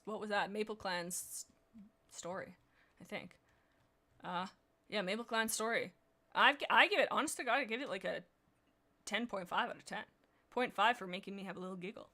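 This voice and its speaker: A woman streamer reading fan fiction aloud, breaking off often for excitable, laughing commentary. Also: mid-range voice.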